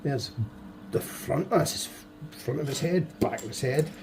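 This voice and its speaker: A man with a hoarse, fading voice, muttering to himself and joking at his own expense as he builds toy models. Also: on the high side, a little slow, background noise. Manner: muttering to himself, self-deprecating. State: hoarse, voice going. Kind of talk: casual build commentary.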